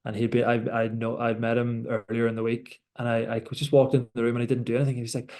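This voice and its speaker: Young doctor-athlete guest from Ireland, dark voice, flat reflective delivery. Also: male voice, mid-range voice, fast talker, hardly any pauses. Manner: reflective, many restarts and repeated words. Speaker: doctor and Olympic rower. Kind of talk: conversational interview.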